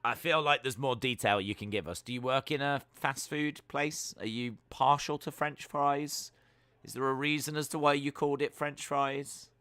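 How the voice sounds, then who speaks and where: A British man hosting a live stream, reading viewer comments aloud and answering them with teasing, deadpan jokes. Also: mid-range voice, moderate pace, no echo. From United Kingdom. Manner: jokey, teasing, deadpan banter.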